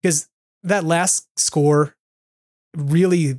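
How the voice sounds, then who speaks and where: A man with a fairly high voice talks through a casual podcast chat, rambling along with plenty of fillers. He sounds animated, and his voice is recorded close and dry, with no room sound. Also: drawn-out words, no echo. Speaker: podcast co-host.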